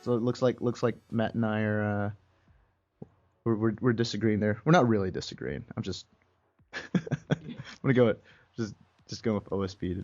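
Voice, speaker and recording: A man's voice: on the low side, moderate pace, pauses often, darkish tone, soft background music. A young man co-hosting a podcast in casual chat, rambling and laughing often. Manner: laid-back, rambling, laughs often, many fillers. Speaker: podcast co-host. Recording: dull lo-fi sound.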